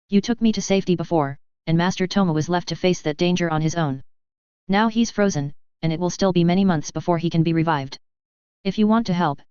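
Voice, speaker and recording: A woman's voice: lowish voice, darkish tone, smooth, no echo, muffled recording, lightly acted. Harry Potter, a woman voicing an earnest teen wizard. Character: earnest teenage boy wizard.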